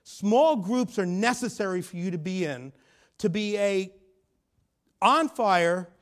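A middle-aged man preaching a sermon, telling a personal story and rising to loud, emphatic peaks. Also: high voice, lively intonation, takes it slowly. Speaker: pastor.

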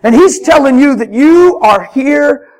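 A man preaching a spontaneous sermon in a church, fervent and emphatic, repeating his phrases and swinging up into loud shouts. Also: very high voice, lively intonation, unhurried. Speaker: traveling preacher. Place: church hall with congregation.

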